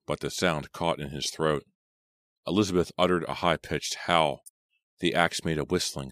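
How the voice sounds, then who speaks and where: Very deep-voiced man narrating a horror book. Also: fairly bright tone, no echo, studio quality. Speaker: audiobook narrator. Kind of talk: scripted horror audiobook narration.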